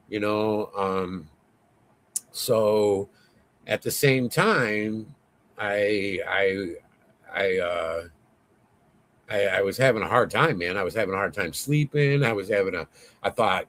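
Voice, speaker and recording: A man's voice: fairly low pitch, measured pace. Rambling, profane man telling a story. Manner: rambling, profane, lots of fillers; excitable, voice rising as he tells it. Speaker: interview guest. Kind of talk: casual interview storytelling.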